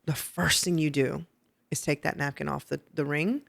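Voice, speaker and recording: A woman hosting a podcast who teaches etiquette step by step, checking in with "okay?" and getting lively and laughing when she tells stories. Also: low voice, normal speed, vocal fry. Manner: instructive, explains step by step with "okay?" and "right?". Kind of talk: casual podcast chat. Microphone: podcast microphone.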